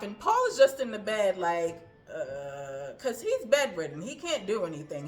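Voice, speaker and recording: A woman's voice: mid-range voice, a bit bright. A woman hosting a casual movie recap, chatty, with frequent ums, laughs and asides.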